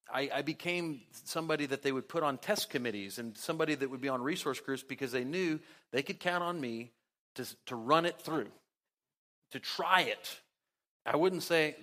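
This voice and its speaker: A man preaching a sermon as pastor, talking conversationally with sarcasm, his pitch and loudness jumping as he acts out quotes. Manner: big swings in pitch and loudness.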